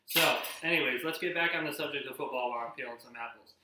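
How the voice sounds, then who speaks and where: A man's voice: mid-range voice, quick pace, far from the mic, heavy background noise. A young man hosting a casual cooking show, talking football while he bakes, rambling with lots of fillers and restarts. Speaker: host. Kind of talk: casual cooking vlog with sports talk. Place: home kitchen. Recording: echoey room, a bit off-mic.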